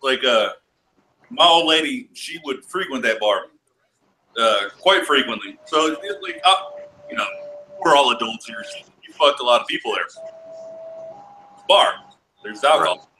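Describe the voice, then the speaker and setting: A man from Texas telling rowdy bar-fight stories in casual chat, profane and laughing, acting out quotes in shouts. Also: medium pitch, lively intonation, a little slow, pauses often, a little hiss or hum, rough recording.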